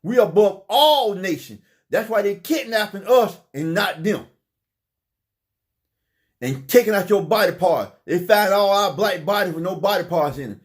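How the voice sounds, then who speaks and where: A man's voice: high-pitched, expressive, normal speed. A man delivering an impassioned preaching monologue, fervent, often repeating phrases and stumbling over his words. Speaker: religious speaker.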